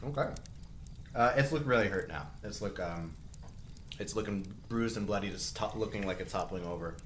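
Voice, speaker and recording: Male game master, lowish voice, roomy sound with noise behind, easygoing narration. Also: normal speed. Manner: laughing easily, relaxed narration.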